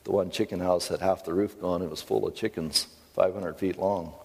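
Deep-voiced, middle-aged male seminar teacher; emphatic and earnest, with a long hall echo. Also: fairly even intonation, a little fast, gravelly, a little mellow, husky. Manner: emphatic, earnest, with self-deprecating asides. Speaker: seminar speaker and counselor.

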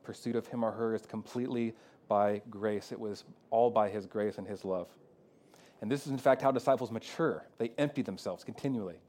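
A man preaching a sermon as pastor, talking casually with lots of "like" and "kinda," moving between loud emphatic peaks and quiet, low passages. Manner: conversational preaching with fillers like "kinda" and "like".

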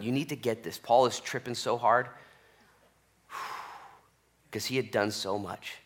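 A male pastor delivers a Bible-study sermon in a lively, joking, conversational way, tossing in "okay?" as he goes. His voice is bright and forceful, pushing each point home with energy. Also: on the low side. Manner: animated, jokey, conversational preaching with frequent "okay?". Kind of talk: expository sermon.

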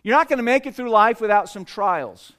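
A man voicing a patient, wise mother who calmly instructs her daughter in a sermon story. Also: high voice, brisk. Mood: instructive.

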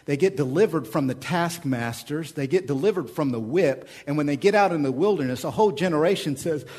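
A man, the pastor, preaching a sermon with energetic, repetitive rhetoric and casual asides. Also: fairly high pitch, a little fast, breathy edge.

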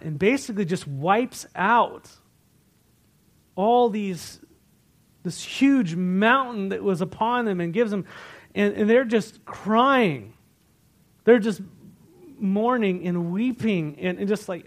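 Animated preacher man, hushed to loud. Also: sits high, slow pace, long pauses. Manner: conversational storytelling with many restarts, swinging from hushed to loud. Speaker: pastor. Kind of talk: sermon.

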